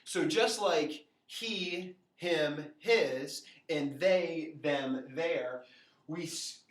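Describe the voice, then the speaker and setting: A man teaching a casual whiteboard lesson, talking informally with fillers and quick asides to his viewers. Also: on the high side, fairly bright tone. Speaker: Latin teacher. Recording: echoey room, far from the mic.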